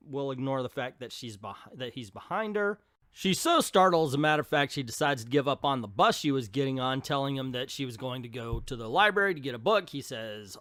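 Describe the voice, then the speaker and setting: A man's voice: mid-range voice, animated, moderate pace, fairly bright tone, no echo, studio quality. A man giving casual, sarcastic commentary on an old comic book. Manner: sarcastic, mocking.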